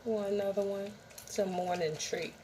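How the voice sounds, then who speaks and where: A woman's voice: medium pitch, steady tone, normal speed, warm tone, slight background noise. A middle-aged woman vlogger in a rambling, chatty show-and-tell, talking straight to her viewers. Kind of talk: casual show-and-tell vlog.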